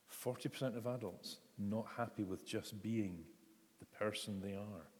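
A pastor preaching in a low voice. He talks in a searching, conversational way, with frequent restarts. His words trail off into a long church reverb. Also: unhurried, a little mellow. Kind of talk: sermon.

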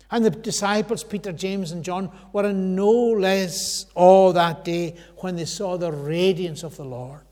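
A man preaching a sermon in a church hall, earnest, rising to loud emphasis and sinking to near whispers. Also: fairly high pitch, steady tone, moderate pace, few pauses. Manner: earnest, swells loud then drops to a hush. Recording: long hall reverb.

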